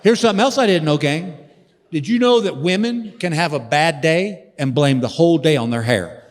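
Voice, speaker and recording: A man's voice: a little high, moderate pace, slight background noise. A man in his sixties doing a stand-up comedy set on stage, a drawling storyteller building to exasperated punchlines. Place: large theater stage. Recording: reverberant hall with faint ambience.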